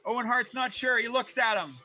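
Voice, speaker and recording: High, bright-voiced man calling wrestling. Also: brisk, faint music behind. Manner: energetic, builds to shouting at big moments. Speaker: host narrating a fantasy wrestling show. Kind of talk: excited play-by-play narration.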